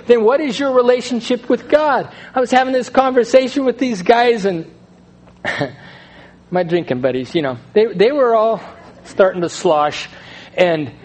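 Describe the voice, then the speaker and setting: A male pastor preaching a sermon in a conversational style, swinging between loud stretches and hushed ones. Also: high-pitched.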